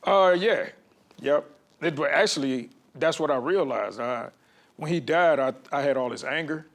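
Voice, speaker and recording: A man's voice: on the high side, moderate pace. Comedian guy telling his life story, easygoing, lots of you know what i'm saying. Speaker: guest comedian. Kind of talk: casual personal storytelling.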